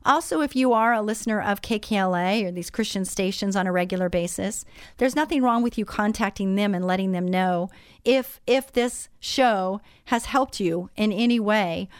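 A woman's voice: mid-range voice, moderate pace, smooth, dry recording, studio quality. A woman hosting a Christian radio talk show, speaking conversationally with many fillers.

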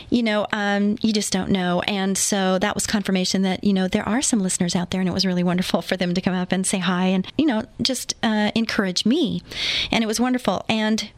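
A woman hosts a faith-based radio show in a studio, telling stories in a chatty, enthusiastic way packed with fillers. Her voice is medium-pitched, and the studio microphone recording is dry.

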